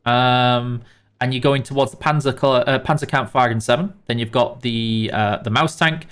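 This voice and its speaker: A man's voice: mid-range voice, steady tone, moderate pace, a bit bright, clean tone. A British man hosting a live game stream, reading out chat names and walking new players through the basics in a chatty way, with many fillers and restarts.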